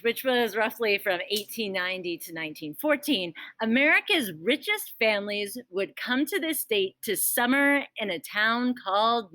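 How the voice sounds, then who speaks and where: Chatty teacher, dry sound. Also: female voice, a little high, bright, forceful tone, no echo. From Rhode Island. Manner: chatty, with jokey asides. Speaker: school band teacher. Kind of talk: school morning announcements.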